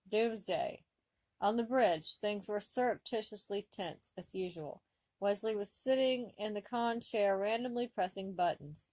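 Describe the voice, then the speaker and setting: A woman reading fan fiction aloud, with expressive comic narration. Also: mid-range voice, no room sound. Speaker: story reader.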